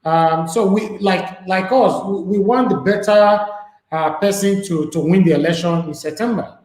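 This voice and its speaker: A man's voice: high voice, unhurried, a little mellow, reverberant, poor audio. A man hosting a live online interview show, talking loosely with lots of "you know" and "um". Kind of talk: live-stream interview chat.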